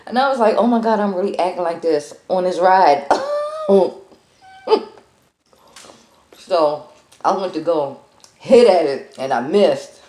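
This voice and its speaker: A woman vlogger chatting and telling a story while eating on camera, animated, with squealing exclamations and laughs. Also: lowish voice, slow pace, pauses often. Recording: echoey room with faint music.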